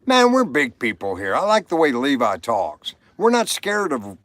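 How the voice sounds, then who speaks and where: Brief: rambling livestream host, animated delivery, dry recording. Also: male voice, mid-range voice, normal speed, no room sound. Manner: rambling, reads viewer comments aloud. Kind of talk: casual chat.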